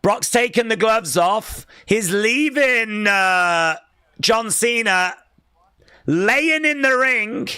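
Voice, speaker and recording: A man's voice: high voice, animated, drawn-out words, bright, forceful tone, clear, resonant tone, no echo, clean studio sound. Man doing sarcastic wrestling commentary. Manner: sarcastic, teasing play-by-play. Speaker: live stream host. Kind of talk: live wrestling watch-along commentary.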